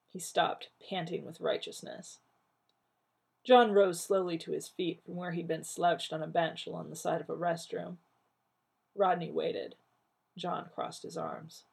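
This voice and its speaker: A woman reading a story aloud in an expressive way, with a creaky, husky voice. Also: on the low side, unhurried. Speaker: reader.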